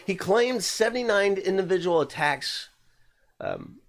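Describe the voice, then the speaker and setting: A man's voice: high-pitched, animated, a little slow. A man hosting a podcast, telling a true-crime story in a loose, conversational way, with lots of fillers and the odd curse word.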